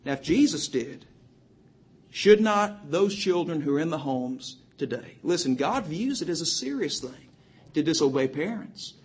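A man's voice: on the high side, expressive, breathy edge. A man preaching a sermon to young people, emphatically citing chapter and verse and quoting scripture in old-fashioned wording. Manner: quotes scripture in King James wording, cites verses rapidly.

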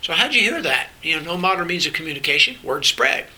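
An older man with a high, very bright voice walks through scripture in a relaxed sermon style. He explains things conversationally, with restarts along the way, over a faint hiss. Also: fast talker, poor audio. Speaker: Bible teacher. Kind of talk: sermon-style Bible teaching.

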